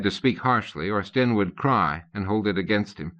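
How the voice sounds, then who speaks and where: A man narrating an audiobook in a steady, measured reading. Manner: steady, measured reading, raising pitch for characters' lines. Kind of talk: scripted narration. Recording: dull lo-fi cassette audio.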